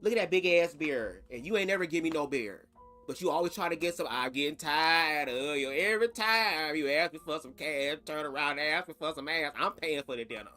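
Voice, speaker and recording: A fed-up, jealous partner rants about never getting any gifts, as a man puts the voice on. The delivery is sassy and scolding, a little high-pitched, with faint music underneath. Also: lively intonation, fairly quick, pushed and bright. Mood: indignant.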